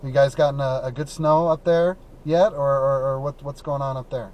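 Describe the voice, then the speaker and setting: A man's voice: medium pitch, fairly even intonation, moderate pace, a little mellow. A man from the American Midwest hosting a call-in talk show from his car, chatting casually and rambling with lots of fillers and restarts. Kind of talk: casual live-stream chat. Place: in a car while driving.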